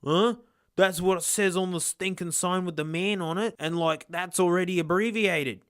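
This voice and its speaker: A man with a South Australian accent hosting a casual comedic vlog, energetic and slangy, saying "mate" constantly. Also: high voice, normal speed, smooth. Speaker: video host.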